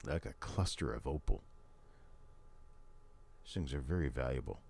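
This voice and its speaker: A man's voice: rumbling low, expressive, moderate pace, creaky, darkish tone, breathy edge. An older man hosting a live stream from his home in casual chat, rambling and folksy with chatty asides. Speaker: host.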